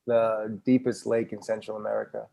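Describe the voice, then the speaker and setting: A man's voice: on the low side, flat delivery, normal speed, vocal fry, mellow. A young man telling stories as a podcast guest in a laid-back, slangy way. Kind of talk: casual conversation.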